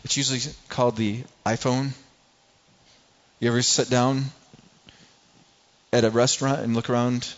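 A middle-aged man delivers a sermon in a conversational way, stumbling over and repeating words as he goes. His voice sits at a mid pitch for a man. The recording is a bit dull and lo-fi. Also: little pitch movement, normal speed, long pauses. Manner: conversational preaching, acts out everyday people, frequent repeats. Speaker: pastor.

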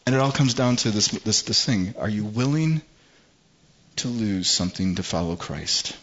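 A middle-aged man delivers a sermon as a pastor in a relaxed, conversational way. He repeats words as he thinks aloud and often acts out what others might say. The recording sounds a little dull and muffled. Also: on the low side, normal speed. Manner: conversational preaching, acts out quoted voices.

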